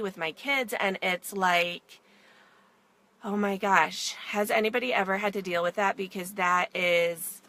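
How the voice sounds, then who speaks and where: Bright-voiced rambling woman vlogger. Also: medium pitch. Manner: rambling, filler-heavy, emotional. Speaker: vlogger mom. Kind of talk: casual vlog chat. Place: in her car.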